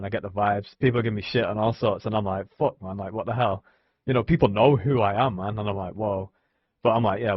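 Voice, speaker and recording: A man's voice: lowish voice, no room sound, dull audio. A young man, rambling casually on a live stream, swearing often and filling gaps with "you know what I mean". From England.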